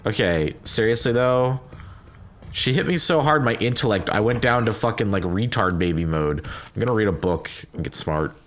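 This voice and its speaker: Excitable, animated man commenting on a game. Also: on the low side, normal speed. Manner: loud excitable outbursts, crude jokes. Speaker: gaming commentator. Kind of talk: let's play commentary.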